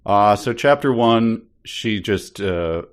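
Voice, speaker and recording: Wry, low-voiced male co-host. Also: animated, slow, clear, resonant tone. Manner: wry, teasing. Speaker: podcast co-host. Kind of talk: casual book-club chat.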